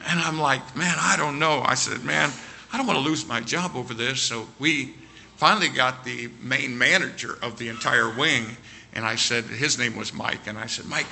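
A man telling an animated story with quoted dialogue during a sermon. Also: mid-range voice, vocal fry, a little hiss or hum.

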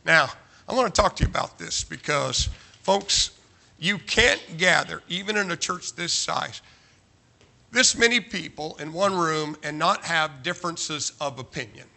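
A man's voice: on the high side, animated, unhurried, gravelly, sharp tone. A man preaching a sermon to a large church, emphatic and joking, firing off rhetorical questions. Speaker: pastor.

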